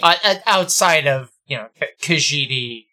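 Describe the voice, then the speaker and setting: A man co-hosting a casual lore podcast, talking haltingly as he searches for words. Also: on the high side, animated, sharp tone, low-quality recording. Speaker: podcast co-host.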